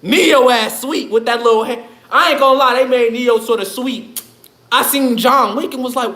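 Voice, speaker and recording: High-voiced man ranting profanely on a livestream. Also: moderate pace, sharp tone. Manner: profane, rambling, laughs often. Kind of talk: casual livestream rant. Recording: echoey room.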